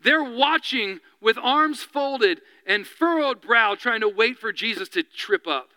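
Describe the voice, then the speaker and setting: A man preaching a sermon as pastor, animated, often dropping to a hushed, slow voice. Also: very high-pitched, clear, resonant tone, dry recording, rough recording.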